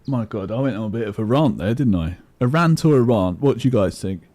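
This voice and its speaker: Brisk and lively in intonation, his mid-range voice carries a dark tone. He rambles chattily during a gaming live stream, often mocking himself.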